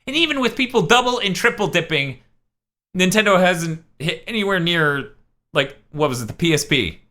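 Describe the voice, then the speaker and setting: A man's voice: high-pitched, normal speed. A man co-hosting a casual podcast chat, swearing freely and joking around. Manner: animated, profane and joking. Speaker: podcast co-host.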